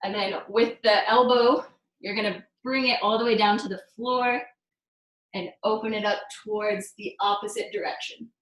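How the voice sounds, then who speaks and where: A woman's voice: mid-range voice, steady tone, moderate pace, fairly bright tone. A woman fitness instructor leading a live online workout class, giving step-by-step cues while she demonstrates the moves. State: out of breath. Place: room at home during video call. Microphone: video call. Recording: echoey room.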